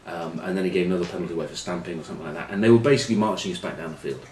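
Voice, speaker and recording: A middle-aged man with a lowish voice tells rugby anecdotes with dry, self-mocking humour, his voice often dropping into quiet asides. He is recorded in an echoey room with faint ambient noise behind him. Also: racing. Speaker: rugby pundit. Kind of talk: anecdotal storytelling preview.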